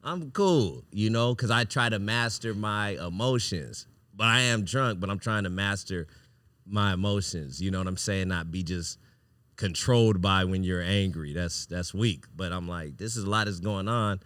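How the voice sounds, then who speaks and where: Here is a man hosting a podcast with a bright, forceful voice pitched a little low. He tells a story in a loose, animated way, swears freely and acts out the lines of the people in it. His voice is recorded dry and close, with no room sound. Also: moderate pace, dry recording. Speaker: podcast host. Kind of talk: casual storytelling.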